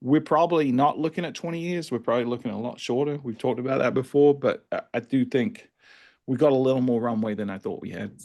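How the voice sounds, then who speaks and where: A man hosting a podcast, talking in a relaxed, chatty way with frequent restarts. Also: mid-range voice, fast talker. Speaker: podcast host. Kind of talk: casual podcast conversation.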